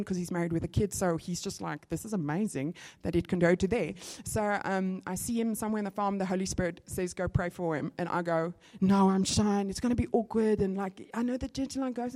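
A woman with a South African accent preaching a testimony sermon and acting out conversations as she tells them. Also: mid-range voice. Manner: animated storytelling, acting out conversations. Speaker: church speaker.

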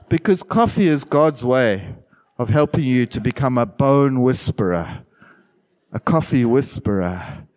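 A middle-aged man preaching a sermon as pastor, animated, with sudden loud bursts and quiet asides. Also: mid-range voice, a little slow.

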